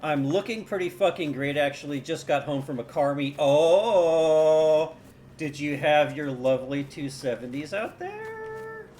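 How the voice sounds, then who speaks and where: Male game streamer, casual and foul-mouthed, fairly high voice with a lively swing, faint noise behind. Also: normal speed, hardly any pauses. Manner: profane, wry, often muttered. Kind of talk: casual gameplay commentary.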